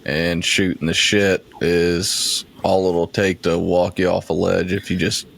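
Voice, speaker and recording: A podcast host with a low yet bright, punchy voice chats casually with a guest. He is supportive and laughs easily. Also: little pitch movement, measured pace, gravelly. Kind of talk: casual chat.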